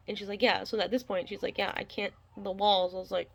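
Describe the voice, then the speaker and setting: Bright-voiced young woman rambling through a story. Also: mid-range voice, fast talker, few pauses. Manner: rambling, many fillers and restarts, acts out quoted dialogue. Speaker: new mother telling her birth story. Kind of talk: casual storytelling.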